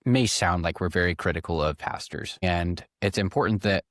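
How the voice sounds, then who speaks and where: A deep-voiced man speaks as a podcast guest. He talks in a measured, reflective way and often restarts his phrases. The sound is dry and close. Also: fairly bright tone, dry recording. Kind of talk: casual conversation.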